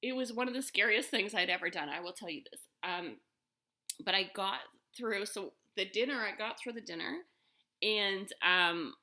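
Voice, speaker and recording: A woman's voice: mid-range voice, lively intonation, moderate pace, sharp tone. A woman telling a personal story to the camera in a casual, rambling way, with lots of fillers and restarts.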